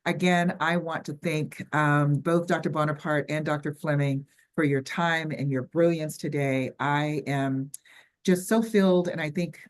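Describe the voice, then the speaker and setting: An older woman with a Southern US accent and a low voice wraps up an online workshop as its host. She talks in a chatty, halting way, full of ums and restarts, over a video call. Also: fairly even intonation. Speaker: webinar host.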